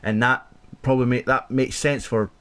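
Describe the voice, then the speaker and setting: A Scottish podcast co-host in casual chat, animated and quick to swear. He reasons out loud, circling back on his own points, in a voice of ordinary middle pitch. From Scotland. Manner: animated and sweary, thinking aloud.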